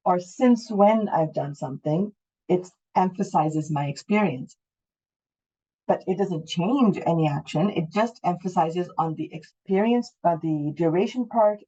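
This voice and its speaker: A woman's voice: lowish voice, a little mellow. A woman in her forties from Canada, teaching an English class, explaining patiently and repeating the key points. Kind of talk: online class lesson. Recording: dull lo-fi audio.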